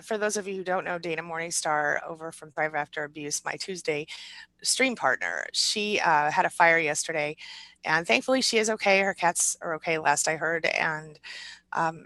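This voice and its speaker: A woman hosting a live support stream, chatting quickly and reading out viewer comments with many restarts and fillers. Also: deep voice, creaky, dry recording, poor audio. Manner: quick, warm-hearted talk with restarts and fillers. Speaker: live-stream host and recovery coach.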